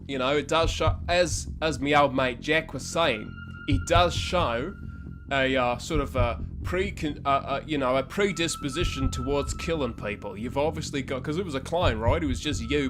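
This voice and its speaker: A man's voice: medium pitch, moderate pace, over music. A man co-hosting a comedy role-play podcast, rambling through mock-detective accusations and then signing off the episode. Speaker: podcast co-host and player.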